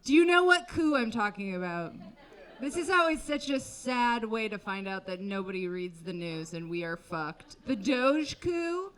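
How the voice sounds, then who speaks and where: A woman's voice: medium pitch, animated, a little slow, fairly bright tone, a faint crowd. A woman doing a stand-up comedy set on a comedy club stage, wry and conversational with sarcastic asides.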